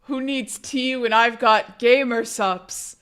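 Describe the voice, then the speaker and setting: Young woman streamer, hoarse, chatty and swearing, a little high. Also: steady tone, slow, a bit bright. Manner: chatty, profane, laughing, reading chat aloud. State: hoarse from being sick. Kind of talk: casual live-stream chat.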